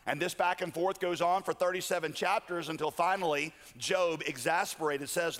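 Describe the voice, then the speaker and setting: A man preaches with a fairly high voice, mixing storytelling and joking asides. His words ring out in a large hall, the long reverb trailing every phrase. The delivery is conversational and animated. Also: fast. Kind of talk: sermon.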